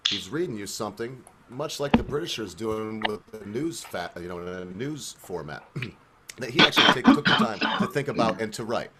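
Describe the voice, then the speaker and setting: A man's voice: fairly low pitch, expressive, moderate pace, a loud crowd. A man hosting a casual group chat, rambling loosely and laughing often. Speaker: host.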